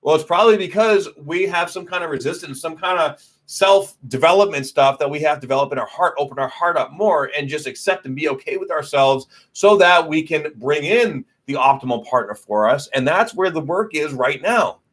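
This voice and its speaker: A man's voice: a little high, expressive, brisk, a bit bright. A man hosting a casual astrology livestream, talking loosely with lots of swearing and fillers, and answering viewer comments as he goes. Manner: loose and profane, many fillers. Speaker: astrology host.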